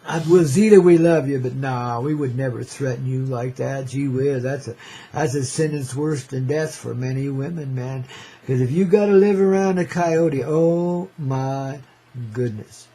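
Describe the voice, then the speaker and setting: An older man hosting his own radio show, rambling along in a laid-back hippie drawl. His voice is gravelly, husky and mellow. He says "man" every few lines and keeps breaking into chuckles. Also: mid-range voice, fairly even intonation, a little slow. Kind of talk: rambling casual radio monologue.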